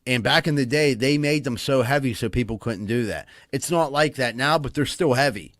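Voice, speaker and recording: A man's voice: medium pitch, normal speed, a bit bright, dry recording, clean studio sound. A young man, co-hosting a casual podcast and telling profane stories with frequent laughter. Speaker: podcast co-host.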